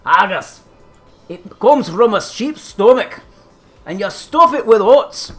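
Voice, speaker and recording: A man putting on an exaggerated, joking Scottish accent, loud and hammy. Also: high voice, expressive, slow, soft background music, pitched above the performer's own voice, exaggerated voice. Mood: mock-grand. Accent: put-on Scottish.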